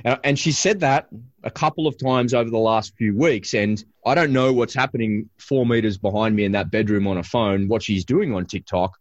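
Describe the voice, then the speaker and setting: A man hosting a podcast, telling a story about his family in a casual, animated way with many restarts. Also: fairly low pitch, normal speed, no room sound, muffled recording. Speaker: podcast host and father.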